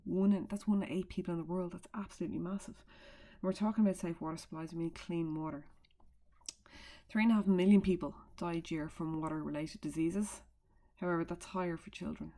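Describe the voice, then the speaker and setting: A woman's voice: on the low side, mellow. A woman teaching a recorded remote lesson from home, talking chattily into a computer mic with asides and fillers as she explains.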